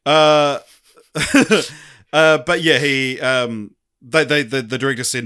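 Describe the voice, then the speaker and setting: A man co-hosting a casual film review podcast, talking with many pauses and restarts. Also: mid-range voice, sharp tone, clean tone. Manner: hesitant, many ums and restarts. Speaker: podcast co-host.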